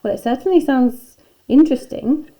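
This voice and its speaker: A woman's voice: high-pitched, moderate pace, dark tone, pitched above the performer's own voice, close to an everyday voice. A woman reading a hesitant, polite schoolboy. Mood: nervous.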